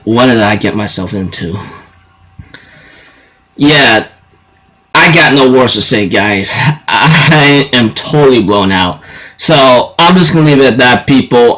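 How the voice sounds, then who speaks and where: A man recapping an anime episode for his channel, excitable and tripping over his words. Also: medium pitch, rough recording. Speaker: anime reviewer.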